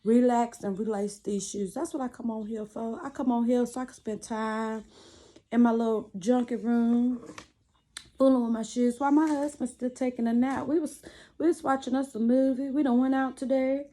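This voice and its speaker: A woman's voice: on the high side, steady tone, normal speed, dark tone. A woman chatting casually to camera from a small cluttered room at home, giving sassy, preachy relationship advice while she laces shoes. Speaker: vlogger.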